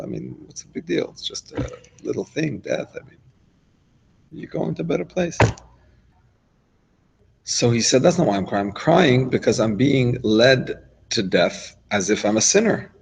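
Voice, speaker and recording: Gravelly man teaching a casual Torah class. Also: mid-range voice, a little mellow, low-quality recording. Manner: conversational, explains with asides and restarts. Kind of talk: informal Torah lesson.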